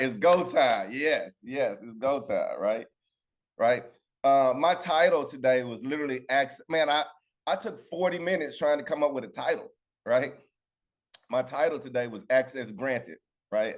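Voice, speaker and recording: Man, Bible study teacher on a video call, loose and chatty, pulls in his group with "right?". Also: mid-range voice. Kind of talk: casual Bible lesson.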